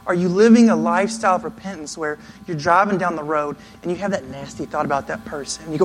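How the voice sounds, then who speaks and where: A man preaching a sermon in an earnest, conversational way, now and then acting out quick asides. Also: on the high side, faint music behind, poor audio. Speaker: pastor.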